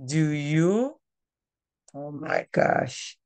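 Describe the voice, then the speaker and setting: A woman teaching a language class over a phone, patient and coaxing, repeating words slowly. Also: sits low, expressive, vocal fry, darkish tone.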